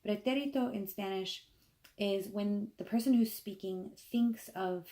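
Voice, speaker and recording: A woman giving a patient spoken grammar lesson, slowing down to stress key words. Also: medium pitch, dark tone. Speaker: language teacher.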